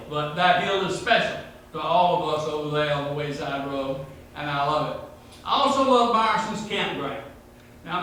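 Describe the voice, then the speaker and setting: A man with a Georgia drawl tells rambling, humorous family stories to a local history meeting. His voice sits high and bright, and it rings through a very echoey room. He is picked up from a distance, with a faint hiss underneath. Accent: Southern US, Georgia. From north Georgia, USA. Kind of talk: folksy talk to a local history group. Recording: very echoey room, mic far off.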